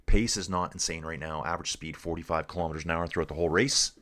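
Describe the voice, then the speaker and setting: A man's voice: low voice, steady tone, fast talker, fairly bright tone. A man from Canada hosting a casual live cycling stream, reading viewer comments aloud and chatting in a laid-back way, calling everyone dude.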